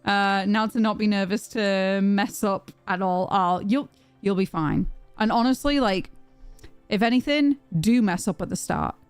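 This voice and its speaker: A woman's voice: mid-range voice, unhurried, clear, resonant tone, no echo, soft background music. A young woman streaming from home, chatting casually with viewers, swearing and reading their messages aloud. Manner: animated, swearing, reads chat aloud. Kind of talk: casual livestream chat.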